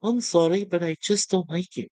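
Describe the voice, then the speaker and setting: A man voicing a cool, dismissive young woman officer, talking in a brisk, offhand way. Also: high-pitched, dark tone, no room sound, natural voice.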